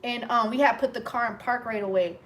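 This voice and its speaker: A young woman with a somewhat high-pitched voice tells a story in an animated, casual way. Her retelling tumbles forward with frequent fillers and restarts, as if she is chatting while she works on someone's hair. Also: fairly quick. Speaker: hairstylist and vlogger.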